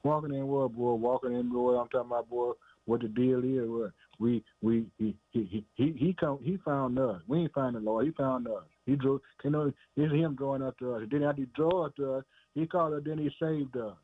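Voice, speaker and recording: A man's voice: medium pitch, brisk, no echo. Male preacher, emphatic and repetitive sermon delivery, dry, tinny phone-line sound. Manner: repetitive, emphatic, calls listeners "man" and "boy".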